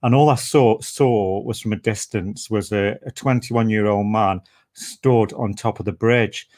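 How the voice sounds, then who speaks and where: A man's voice: on the low side, darkish tone. A man interviewing a guest, talking earnestly with many restarts and fillers. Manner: earnest, halting with many restarts and "you know". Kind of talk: conversational interview.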